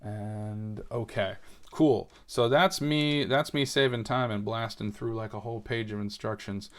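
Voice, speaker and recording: A man's voice: lowish voice, fairly even intonation, measured pace. A young man from New England hosting a casual solo episode, chatting and rambling with lots of fillers while he builds a Lego set. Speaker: podcast host.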